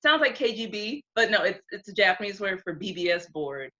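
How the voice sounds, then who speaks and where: Bright-voiced young woman, lo-fi call. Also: medium pitch, big pitch swings, brisk. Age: 20s. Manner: chatty storyteller, often acts out quotes. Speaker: guest. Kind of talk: casual interview chat.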